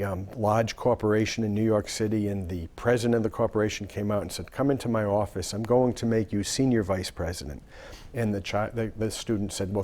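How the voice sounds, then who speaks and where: A man in his sixties from Rhode Island, speaking in a somewhat low voice. He answers interview questions with long, easygoing stories, pausing on fillers as he goes. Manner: relaxed anecdotal talk with fillers. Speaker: lawyer and guest.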